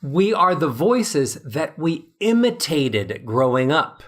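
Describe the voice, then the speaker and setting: A man's voice: a little high, very animated, takes it slowly, fairly bright tone. A man in his fifties, a voice coach, explaining with animation and acting out examples as an interview guest.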